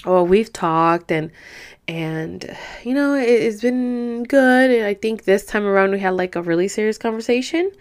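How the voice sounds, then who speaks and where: Brief: young woman, solo podcast host, rambling casual chat, tired, mid-pitched voice. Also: moderate pace, darkish tone, smooth. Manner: chatty, rambling, says "girl" and "you know" a lot. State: tired, rubbing her eyes.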